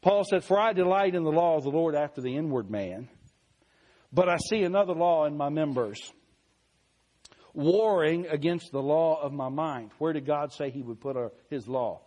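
Preacher guy, voice a bit high, reads verses slow, gets loud then drops soft. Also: expressive. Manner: reads scripture slowly and deliberately; swells louder on key phrases, then drops soft. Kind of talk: sermon.

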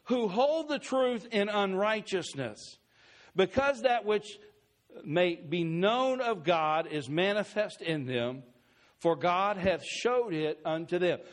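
A man, a pastor, preaching a sermon with slow, emphatic scripture readings. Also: high-pitched.

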